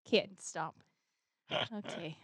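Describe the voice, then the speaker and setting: A woman co-hosting a casual podcast chat, teasing her co-host with brisk interjections. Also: on the low side, husky, no echo, clean studio sound.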